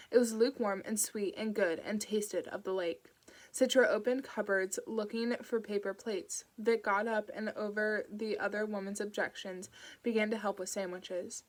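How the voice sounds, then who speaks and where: A woman narrating a novel aloud for her audiobook channel, reading evenly. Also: mid-range voice. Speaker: audiobook reader.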